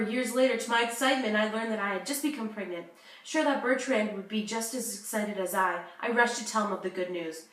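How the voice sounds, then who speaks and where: A woman's voice: mid-range voice, lightly acted. A young woman with an American accent playing a journalist guest, speaking in an earnest, confessional way. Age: young adult. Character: American journalist woman living abroad, divorced. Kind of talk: school-project talk-show role-play. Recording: echoey room, distant mic.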